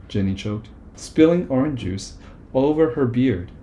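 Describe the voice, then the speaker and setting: A man reading a children's book aloud in a calm, even way. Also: medium pitch, unhurried, a little hiss or hum. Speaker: storybook reader.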